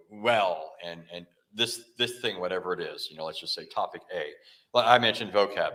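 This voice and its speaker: Lowish, pushed and bright, this man's voice carries an apologetics talk. Speaking as a Christian apologist, he narrates a story, voices the dialogue, and keeps breaking off to restart or fix his wording.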